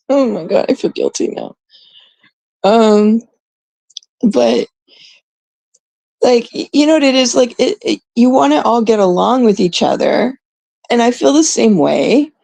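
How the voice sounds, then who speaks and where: Canadian woman, gravelly, slow unhurried talk, blunt, swears a lot, casual streamer chat. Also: a little high, lively intonation, warm tone, no echo. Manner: blunt, swears often, rambling with restarts.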